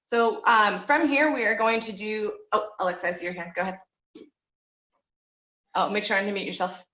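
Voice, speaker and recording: Bright-voiced woman coaching a video-call voice lesson. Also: mid-range voice, normal speed, reverberant, lo-fi sound. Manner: encouraging, relaxed coaching with frequent fillers. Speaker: voice teacher. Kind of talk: online group voice lesson.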